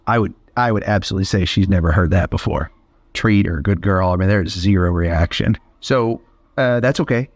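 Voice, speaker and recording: Gentle man with a filtered voice. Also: sits low, normal speed, no room sound. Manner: soft, reassuring, patient. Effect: voice filter that sounds artificial. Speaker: shelter dog volunteer. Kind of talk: gentle talk to a frightened dog, vlog.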